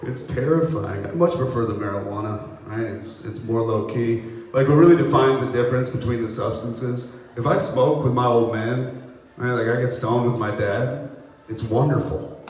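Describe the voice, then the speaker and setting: A man's voice: mid-range voice, normal speed, darkish tone. A young American man doing a loose, crowd-working stand-up set, slipping into voices for bits. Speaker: stand-up comedian. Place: outdoor apartment complex courtyard. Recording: echoey, distant, noisy live recording.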